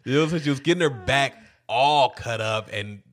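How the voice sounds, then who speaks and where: A man's voice: medium pitch, moderate pace, a bit bright. A man co-hosting a podcast, casually recapping a film, joking, swearing and laughing a lot. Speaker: podcast co-host. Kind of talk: casual movie recap chat.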